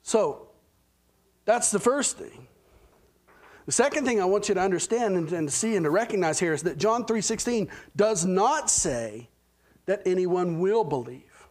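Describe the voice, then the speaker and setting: Male pastor with an Oklahoman accent, high voice, chatty sermon delivery, church sanctuary. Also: animated, normal speed, long pauses. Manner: conversational preaching, frequent "right?" and "okay?" check-ins.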